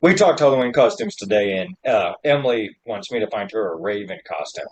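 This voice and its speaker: A man's voice: lowish voice, lively intonation, a little fast. A man co-hosting a podcast, a father swapping profane stories in laid-back casual chat. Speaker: podcast co-host.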